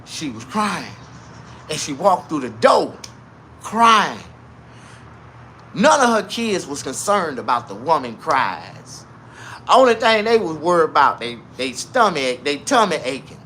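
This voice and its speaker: A man telling a crude comedic story in an animated, repetitive way, laughing at his own tale. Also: fairly high pitch, unhurried, a little hiss or hum.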